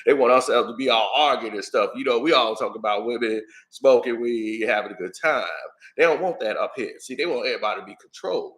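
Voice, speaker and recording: A man doing an impression of a middle-aged male music star, rambling in low, mumbled street slang. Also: brisk, a bit bright, close to an everyday voice. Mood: laid-back.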